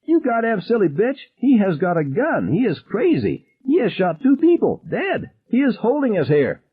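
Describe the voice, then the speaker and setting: Man voicing a teenage boy, cornered, shrill, yelling, high strained voice, tinny audio. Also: huge pitch swings, moderate pace, breathy edge, exaggerated voice. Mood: hysterical.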